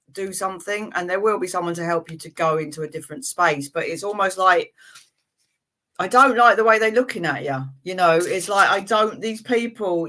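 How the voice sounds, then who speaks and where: A woman giving a live tarot reading, speaking haltingly as she searches for words, often trailing off and starting over. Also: lowish voice, pushed and bright. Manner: halting, searching, trails off and restarts mid-thought. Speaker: tarot reader.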